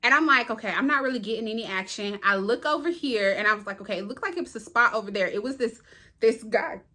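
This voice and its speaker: A young woman with a high, bright, ringing voice tells a casual storytime vlog. She is animated, slips into the voices of the people in her story, and talks right to her viewers. Her delivery is chatty and expressive throughout. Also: quick pace. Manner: animated, acts out dialogue, talks straight to viewers. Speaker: vlogger.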